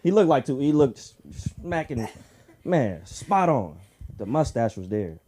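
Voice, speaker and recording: A man doing a crude stand-up set at an open mic, acting out characters in shrill voices. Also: big pitch swings, unhurried, warm tone, slight background noise. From Southern California. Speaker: stand-up comedian. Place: comedy club stage.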